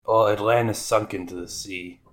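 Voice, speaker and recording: A man's voice: fairly low pitch, fairly even intonation, moderate pace, fairly bright tone. A man hosting a podcast, casually recapping anime episodes with irreverent, profane asides. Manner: irreverent, swears freely, mock voices for characters.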